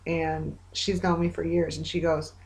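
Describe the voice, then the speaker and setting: Rambling woman vlogger, low-pitched voice. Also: little pitch movement, a little slow, a little mellow. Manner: rambling, retells conversations with many fillers; hopeful yet weary. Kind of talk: casual personal video diary.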